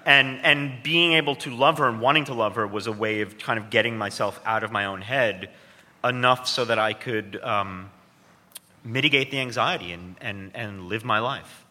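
A man's voice: fairly low pitch, moderate pace, sharp tone, in a large hall. A man interviewed about his book, talking in a joking, self-deprecating way with many restarts. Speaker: author and guest. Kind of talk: interview conversation. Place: stage before an audience.

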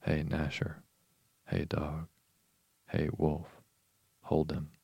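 Crotchety old servant, read by a man; gravelly, flat, close and dry. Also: very deep voice, very slow, no echo, heavily acted. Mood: grumbling. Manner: muttering, shouting. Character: ancient grumbling old male servant.

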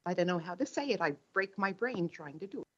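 A woman's voice: fairly low pitch, animated, fast talker, husky, dull audio. A woman from Australia with an Australian accent, chatting bubbly and laughing easily as a podcast guest over a remote call. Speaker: guest paranormal investigator. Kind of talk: casual podcast chat. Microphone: remote call mic.

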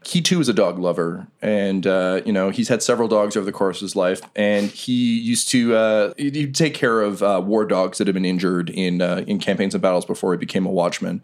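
A man running a tabletop game as game master, narrating scenes in a relaxed, rambling way. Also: low-pitched, a little fast, few pauses.

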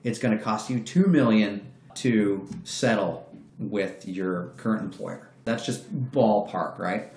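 A man's voice: fairly low pitch, takes it slowly, darkish tone. A man telling a story in a casual, profane way, acting out the voices of the people he quotes. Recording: roomy echo.

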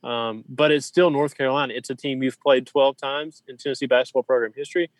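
A man's voice: medium pitch, steady tone, fast, no echo, poor audio. A man co-hosting a sports podcast, making his points with emphatic, repeated phrasing. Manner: emphatic, listing points in rhythmic repetition. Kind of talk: casual sports talk.

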